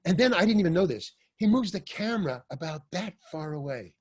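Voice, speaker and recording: High-voiced older man telling a rambling story. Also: a little fast, breathy edge. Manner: rambling, animated, swears, restarts often. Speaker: guest, actor. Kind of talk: storytelling in a podcast interview.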